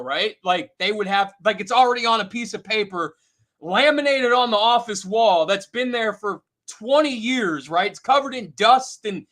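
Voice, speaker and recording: A man hosting a casual live stream, reading out viewer comments in an excitable way, laughing often and filling pauses with "uh". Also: high-pitched. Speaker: host reading viewer chat.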